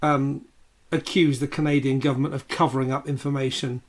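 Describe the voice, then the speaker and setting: A man co-hosting a podcast, calmly recounting facts in casual chat. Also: medium pitch, fairly quick. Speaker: podcast co-host.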